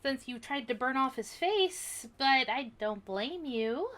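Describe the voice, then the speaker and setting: A woman's voice: high voice, expressive, slow pace, a bit bright. A woman playing her character in a tabletop game, playful and giggly. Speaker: player. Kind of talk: tabletop role-play.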